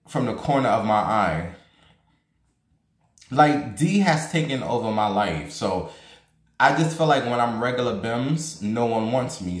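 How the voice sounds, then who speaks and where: A man chatting casually to his viewers, rambling fast and excitedly with blunt, profane humor. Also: fairly low pitch, reverberant. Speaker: vlogger.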